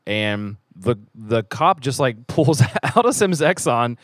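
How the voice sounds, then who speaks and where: A man co-hosting a podcast in a loose, joking way, wandering through stories. His voice sits at a medium pitch and is picked up close and dry, with no room echo. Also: big pitch swings, takes it slowly. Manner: joking, playful, rambling. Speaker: podcast co-host. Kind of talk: casual podcast chat. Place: small studio room in a theater.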